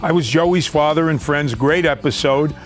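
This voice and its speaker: A man's voice: on the high side, moderate pace. An older man, a veteran actor, reminiscing in a documentary interview, rambling with fillers and restarts. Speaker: actor recalling his career.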